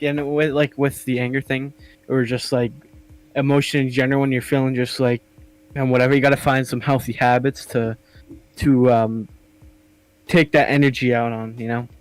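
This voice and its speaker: A man's voice: medium pitch, clear, resonant tone, no room sound, low-quality recording. Loose, profane young man chatting. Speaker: podcast co-host. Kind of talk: casual chat.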